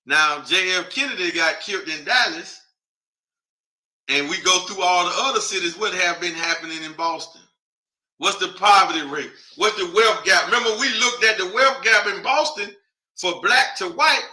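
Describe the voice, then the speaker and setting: Bright-voiced man thinking aloud on air. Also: sits high, moderate pace. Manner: thinks aloud while reading a list off a map; speaks directly to viewers, chatty and informal. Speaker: host. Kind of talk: casual broadcast commentary.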